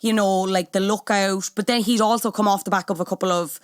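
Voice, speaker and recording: A woman with an Irish accent, a broadcaster guesting on a podcast, talkative with quick agreeing asides. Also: medium pitch, steady tone, clean tone, dry recording, clean studio sound. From Ireland. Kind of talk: casual chat.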